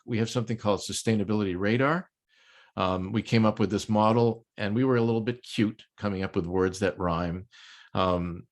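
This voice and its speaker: Older man giving a conference talk. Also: fairly low pitch. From United States. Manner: explanatory, occasional filler ums, light joking. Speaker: lecturer presenting to a project management chapter.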